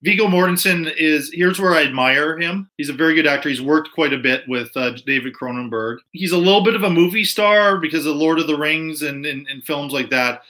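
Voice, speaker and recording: A man's voice: a little high, fairly quick, hardly any pauses, pushed and bright. A man hosting a movie podcast, recapping a film's plot in detail with frequent restarts and asking his guest questions. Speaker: podcast host. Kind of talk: casual movie review chat.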